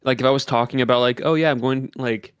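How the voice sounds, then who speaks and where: A man's voice: medium pitch, fairly even intonation, quick pace, clear, resonant tone, no echo, clean studio sound. A man chatting casually with a streamer, rambling with many fillers and giving game tips. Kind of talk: casual chat while gaming.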